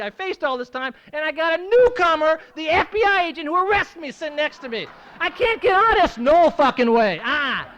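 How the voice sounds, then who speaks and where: A man sharing his recovery story at a meeting, swinging from hushed, tearful moments to loud laughing outbursts. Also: very high voice, clear, resonant tone. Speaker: AA speaker. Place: meeting room at a school.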